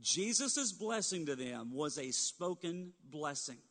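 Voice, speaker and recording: High-voiced man preaching in a reverberant hall. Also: very animated, slow pace, fairly bright tone. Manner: earnest preaching, addresses listeners as friend, leads the congregation. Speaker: pastor. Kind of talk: sermon.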